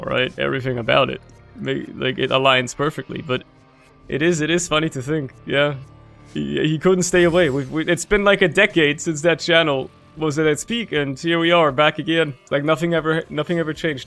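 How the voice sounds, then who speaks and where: A man's voice: a little high, vocal fry, a bit bright. Rambling young man, German native speaker. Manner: rambling, tangent-prone, swears casually. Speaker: gaming channel host. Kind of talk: casual gameplay commentary. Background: faint game music.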